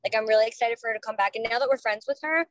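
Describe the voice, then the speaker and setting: A woman's voice: fairly high pitch, rapid-fire, no echo, poor audio. A woman co-hosting a podcast in casual chat, blunt and outspoken, swearing freely. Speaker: podcast co-host.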